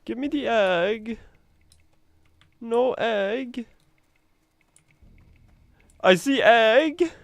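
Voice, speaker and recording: A man voicing a jolly German male cook in a high, slow, drawn-out mock-German accent, pleading and polite. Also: gravelly, dry recording, exaggerated voice.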